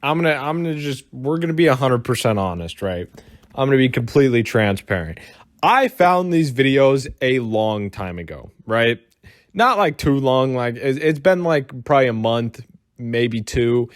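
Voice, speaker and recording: A man's voice: mid-range voice, lively intonation, moderate pace, dry recording, studio quality. A man from the United States giving casual, rambling reaction commentary and swearing freely. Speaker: commentary YouTuber.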